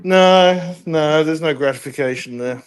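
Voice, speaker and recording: A man's voice: fairly high pitch, unhurried, smooth, faint music behind. A man calling in to a live stream, joking crudely and laughing through his lines. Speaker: caller.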